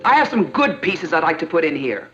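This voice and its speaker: A woman's voice: low-pitched, big pitch swings, brisk, fairly bright tone, soft background music. An actress playing a haughty, condescending woman house hunter in a 1960s sitcom. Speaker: prospective tenant. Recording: dull old TV audio with laugh track.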